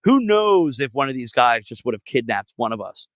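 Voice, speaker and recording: A man's voice: medium pitch, sing-song, moderate pace, no room sound, poor audio. A man, a guest musician telling road stories in a casual podcast chat, profane and full of filler words. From Philadelphia area.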